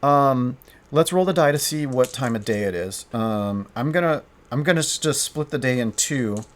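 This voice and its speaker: A man playing a tabletop game solo, narrating as he thinks aloud, halting and restarting often. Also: mid-range voice, animated. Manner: halting, hesitant, frequent restarts.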